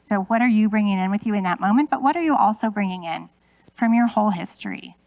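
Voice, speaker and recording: A woman's voice: medium pitch, lively intonation, fast, gravelly, darkish tone, no room sound, rough recording. A woman in her forties giving a conversational keynote talk, asking her audience many rhetorical questions. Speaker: keynote speaker. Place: conference room.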